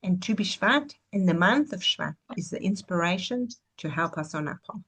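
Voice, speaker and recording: A woman's voice: fairly low pitch, animated, normal speed, fairly bright tone, breathy edge. Earnest woman giving a heartfelt teaching. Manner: earnest, reflective, storytelling. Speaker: guest teacher. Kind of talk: inspirational teaching talk.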